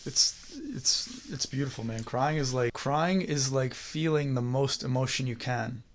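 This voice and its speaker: A man's voice: medium pitch, lively intonation, unhurried, slight background noise. A man hosting a casual podcast chat, talking earnestly and encouragingly and often adding "man" and "you know what I mean". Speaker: podcast host.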